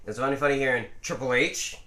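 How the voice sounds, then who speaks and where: Brief: podcast host, bright forceful male voice, laughs a lot, echoey room. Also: medium pitch, fast. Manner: giggly, teasing, rambling. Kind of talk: casual wrestling podcast chat.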